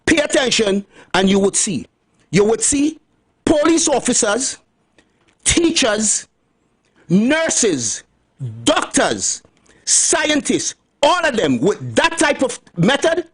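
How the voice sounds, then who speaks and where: Husky high-voiced radio host. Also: male voice, very animated, slow pace, fairly bright tone. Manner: emphatic, repeats lines for stress, folksy asides. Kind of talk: preachy radio monologue on health.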